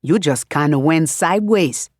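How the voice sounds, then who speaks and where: A portly middle-aged man speaks with a kindly tone and a heavy New York accent, as a woman voices him. His voice sits low and relaxed. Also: normal speed, no echo, clean studio sound. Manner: kindly, warm-toned.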